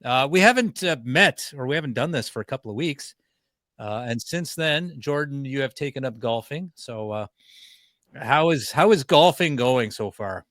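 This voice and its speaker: A man's voice: medium pitch, animated, moderate pace, fairly bright tone, dry recording. A man hosting a comedy podcast in casual chat, laughing often and wrapping up segments. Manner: laughs often, upbeat segment wrap-ups. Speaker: podcast host.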